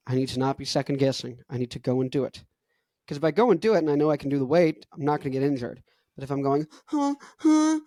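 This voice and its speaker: A man's voice: medium pitch, a little mellow, no echo. A young man hosting a show, chatting casually about singing technique in a rambling way full of fillers, with a stuffed-up nose. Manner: rambling, loose, many "like" fillers. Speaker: host.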